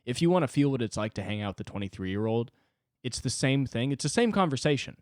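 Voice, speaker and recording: A man in his twenties hosting a solo comedy podcast, talking self-deprecatingly and swinging between loud outbursts and low muttering. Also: expressive, quick pace, no echo, clean studio sound. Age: 20s. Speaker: podcast host.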